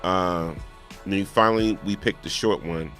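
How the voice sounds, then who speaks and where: A man co-hosting a casual call-in radio talk show, talking in an animated, storytelling way. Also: low voice, moderate pace, soft background music. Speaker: co-host.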